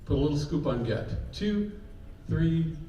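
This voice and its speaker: A man's voice: on the high side, animated, measured pace, very noisy. A man coaching a vocal group, counting in and singing short example phrases. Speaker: vocal clinician. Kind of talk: choir coaching. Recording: echoey room, mic far off.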